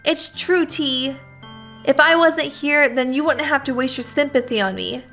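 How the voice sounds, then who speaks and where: A woman's voice: sits high, measured pace, fairly bright tone, soft background music. A woman playing a fragile heartbroken schoolgirl. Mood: sad. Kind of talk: reading a visual novel aloud.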